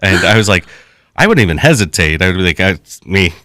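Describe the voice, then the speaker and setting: A man's voice: sits low, very animated, fast talker, sharp tone, dry recording, clean studio sound. A man hosting a casual live-stream talk show, rambling through stories with lots of fillers and frequent laughs. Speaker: host.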